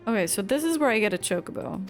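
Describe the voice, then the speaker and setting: A woman streamer talks casually over her game, rambling and joking at her own expense. Her pitch sits in a middle range, and faint music plays underneath. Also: very animated, very fast. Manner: rambling and self-mocking, reading game dialogue aloud. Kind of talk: casual gameplay commentary.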